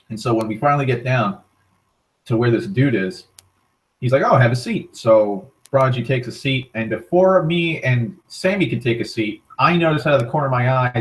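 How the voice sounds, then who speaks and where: A man casually retelling a tabletop game session, swearing constantly and acting out the characters' lines. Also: mid-range voice. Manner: heavy swearing, rambling with restarts; animated, acting out quoted lines. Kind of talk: casual storytelling monologue. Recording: voice a bit far from the mic.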